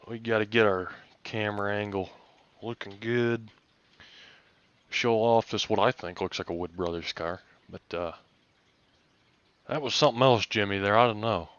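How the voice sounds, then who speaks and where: Hoarse guy doing post-race interviews, folksy and excited, dry close mic. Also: on the low side, normal speed, pauses often, no room sound, lo-fi sound. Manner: folksy, excitable, many fillers. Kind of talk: casual post-race interview over voice chat.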